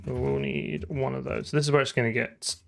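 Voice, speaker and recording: A man with a southern English accent talks through his code on a live stream. His voice has a gravelly, fry-edged texture at an ordinary middle pitch. He thinks aloud in a loose, chatty way. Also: fairly even intonation, moderate pace, fairly bright tone, a little hiss or hum. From southern England. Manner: chatty, thinks aloud while coding, laughs often. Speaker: programming streamer. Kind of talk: casual live-coding chat.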